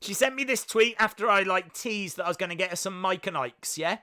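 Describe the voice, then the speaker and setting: A young British man chatting excitedly as he live-streams his reactions to a show. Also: high voice, fairly quick. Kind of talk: live watch-along commentary.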